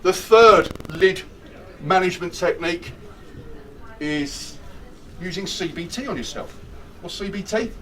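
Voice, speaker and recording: A man's voice: high voice, a little slow, pauses often, recorded from a distance, a little hiss or hum, low-quality recording. A man leading a stress management workshop, joking and chatty and putting questions to his audience. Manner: animated, jokey, chatty, asks the audience questions. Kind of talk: lively interactive workshop talk.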